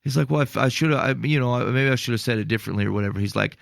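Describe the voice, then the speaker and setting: A man with a gravelly, slightly fried voice talks through stories on a podcast, getting worked up and exasperated as he goes. His delivery is animated and full of restarts and filler words. The sound is dry and close to the mic. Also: mid-range voice, very fast, no echo. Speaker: podcast co-host. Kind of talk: casual faith podcast discussion.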